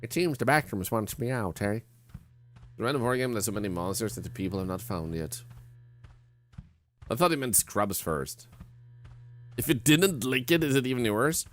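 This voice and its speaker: Soft background music plays as a man comments on a horror game he's streaming, his medium-pitched voice expressive and moderately paced with long pauses. He rambles and stammers, joking about himself to his viewers.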